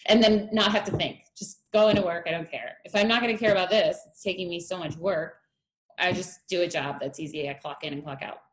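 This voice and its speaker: A woman's voice: on the low side, brisk. A woman in her thirties, a strength coach, telling her story in an interview candidly, laughing often. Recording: echoey room, faint ambience.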